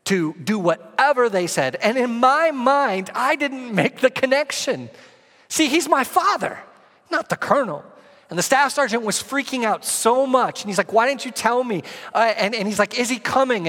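Male pastor preaching in a reverberant church hall. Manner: earnest, storytelling, rising in pitch and volume when excited. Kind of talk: sermon. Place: church sanctuary.

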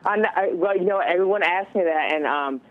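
Hesitant Georgia teen on a tinny line. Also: male voice, sits high, brisk, no echo. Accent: Southern US, Georgia. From Georgia, USA. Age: teens. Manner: hesitant, many ums and restarts. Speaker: caller. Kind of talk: phone-in interview.

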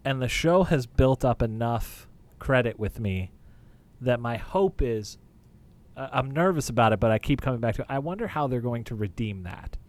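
A man in casual chat, measured and careful with his words. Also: medium pitch, animated.

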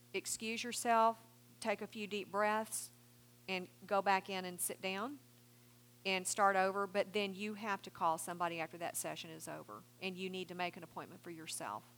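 Middle-aged woman, Christian counseling speaker, earnest seminar delivery, mid-pitched voice. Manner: earnest, warm advice with quoted scripture. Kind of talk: seminar talk with Q&A.

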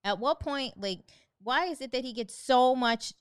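A woman's voice: sits high, expressive, moderate pace, clean tone, no echo, studio quality. A woman chatting casually and telling stories, with many "like" fillers. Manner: storytelling, lots of "like" and "um" fillers. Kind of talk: casual chat.

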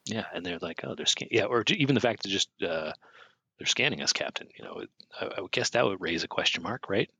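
A man talks through a movie in relaxed podcast chat, eager and full of theories. His voice sits very low, with a bright, husky edge. The sound is close and dry. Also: quick pace, hardly any pauses, dry recording. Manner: enthusiastic, theorizing, laughs often. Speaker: podcast co-host. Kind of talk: casual film commentary chat.

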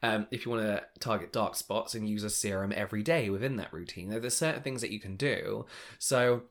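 A man's voice: lowish voice, a little fast. A young man co-hosting a chatty podcast, explaining skincare routines at length and laughing often. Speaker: podcast co-host. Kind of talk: casual chat.

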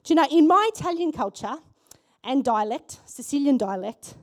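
A woman pastor preaching a sermon in church, animated and asking the congregation questions. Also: high voice, normal speed.

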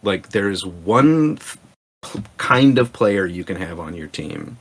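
A man as a podcast guest, chatting casually in a rambling, profane, animated way. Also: low voice, slow pace, husky. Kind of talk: casual chat.

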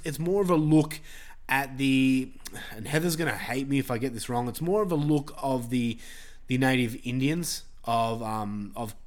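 A man hosting a podcast in an easy, casual way. He talks loosely, trips over restarts and fillers, and swears freely. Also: medium pitch. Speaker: podcast host.

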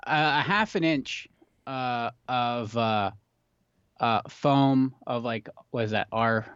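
A man's voice: medium pitch, slow, a bit bright, clear, resonant tone, no echo. Laid-back rambling man, dry dull sound. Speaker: podcast co-host. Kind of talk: casual chat. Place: makeshift recording booth in a basement.

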